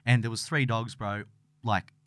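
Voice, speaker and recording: A man's voice: on the low side, fairly even intonation, moderate pace, fairly bright tone, no room sound, studio quality. A young man co-hosting a podcast, chatting casually and loosely, with lots of "like" and "bro" and swearing. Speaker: podcast co-host. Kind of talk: casual chat.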